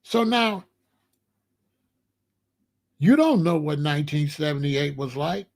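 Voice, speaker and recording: A man in his sixties holds forth in a loose, casual monologue as host of his own show. His voice sits high, and he hammers his points home, repeating himself and stretching out words for emphasis. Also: lively intonation. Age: 60s. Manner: emphatic, repetitive, drawn-out phrasing.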